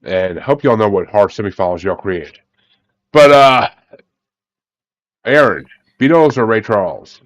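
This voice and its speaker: Speaking lowish and animated but a little slowly, with long pauses, this man hosts a casual music podcast on an online call. He swears freely as he calls on guests by name for their bracket chat, and there's no echo in the audio.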